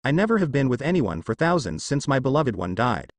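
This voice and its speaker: A man's voice: medium pitch, very animated, a little fast, dry recording, clean studio sound. Man reading as a cold curt immortal warrior.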